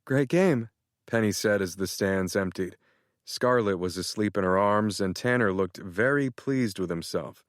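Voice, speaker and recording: A man narrating an audiobook in the first person, with a measured, even delivery on a close studio mic. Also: deep voice, no echo.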